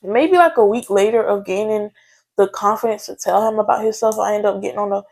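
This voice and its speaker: A woman's voice: mid-range voice, brisk, creaky, darkish tone. A young woman, telling a personal story to her viewers in a candid, chatty way. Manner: candid, chatty, talks straight to viewers with frequent "like" and "y'all". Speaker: vlogger. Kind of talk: casual storytime chat.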